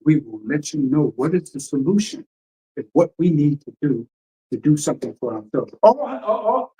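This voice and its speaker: A man's voice: on the high side, sing-song, normal speed, mellow, slightly rough, rough recording. A man minister preaching emphatically and firing rhetorical questions, reading passages aloud and explaining them. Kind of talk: radio teaching sermon.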